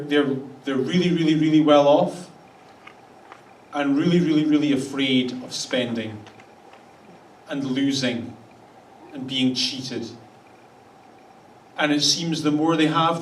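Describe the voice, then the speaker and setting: A man's voice: mid-range voice, slight background noise. A man preaching a conversational sermon as a pastor, wry in tone and slipping into the voices of the people he quotes. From Canada. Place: church hall. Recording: echoey church hall, voice a bit distant.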